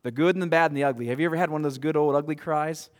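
A man preaching a sermon as pastor, animated, often restarting and repeating words, laughing now and then at his own stories. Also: fairly high pitch, very fast. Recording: long hall reverb.

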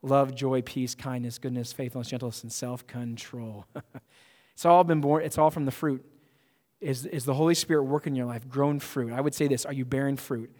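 A man's voice: mid-range voice, fairly even intonation, moderate pace, a little mellow. Man preaching in an echoing hall. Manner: emphatic, conversational preaching with frequent restarts. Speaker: pastor. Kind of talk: sermon. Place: church sanctuary.

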